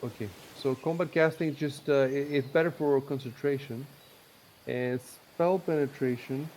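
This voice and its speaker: A man's voice: mid-range voice, fairly even intonation, measured pace, a little mellow, a little hiss or hum, low-quality recording. A man running a tabletop game, explaining rules with many fillers and restarts. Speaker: game master.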